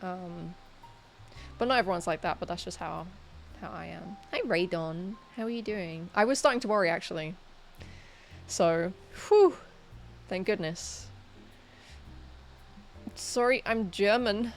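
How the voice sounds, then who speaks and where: A woman with a slightly low voice chats casually on a livestream. She rambles through her thoughts with many fillers and restarts and talks to her viewers. Faint music plays in the background. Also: moderate pace, creaky, long pauses. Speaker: streamer.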